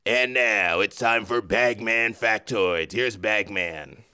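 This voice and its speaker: A man's voice: fairly low pitch, slow, pushed and bright, clean tone. A man announcing the show's segments in an announcer manner. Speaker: show announcer. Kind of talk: announcer bumper.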